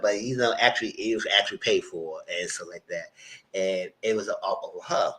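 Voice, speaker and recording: A man's voice: fairly low pitch, a little fast, poor audio. A man hosting a live TV review, recapping episodes in a chatty, rambling way. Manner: chatty, rambling, slips into character voices. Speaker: TV review host. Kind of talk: casual TV recap commentary.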